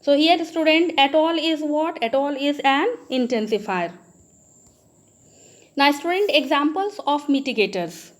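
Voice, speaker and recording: A woman's voice: high-pitched, expressive, a little slow. A woman teacher with an Indian English accent giving a grammar lesson, often addressing the students and asking, then answering, her own questions. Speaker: school teacher.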